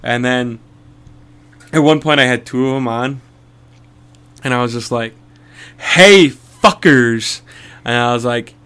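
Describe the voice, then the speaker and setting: A man's voice: mid-range voice, fairly even intonation, moderate pace, pauses often, a bit bright, clean tone. Young man telling rambling stories. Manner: rambling storyteller, swears a lot, laughs often. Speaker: podcast co-host. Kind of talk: casual podcast chat.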